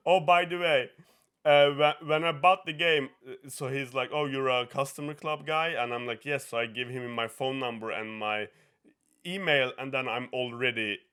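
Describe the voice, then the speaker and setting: Bright Norwegian-accented young guy telling a story. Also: mid-range voice, unhurried, clear, resonant tone. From Norway. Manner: animated storyteller who swears a lot, laughs often and acts out quotes. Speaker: podcast host. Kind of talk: casual chat, storytelling.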